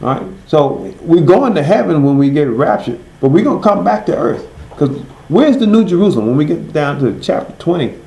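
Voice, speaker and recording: A man teaching a Bible study. He asks his listeners questions and answers them himself, and he reads scripture slowly, stressing each word. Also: fairly high pitch, very animated, creaky, dark tone, roomy sound, low-quality recording.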